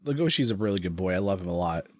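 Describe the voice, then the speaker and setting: A man co-hosting a podcast in casual chat, playful and chiming in with quick reactions. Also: sits low, expressive, dry recording. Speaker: podcast co-host.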